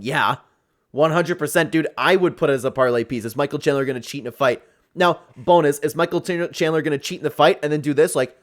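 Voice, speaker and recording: A man hosts a casual reaction commentary in an excitable, joking way and breaks into laughter often. His voice sits at a middle pitch. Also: fast talker. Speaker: host.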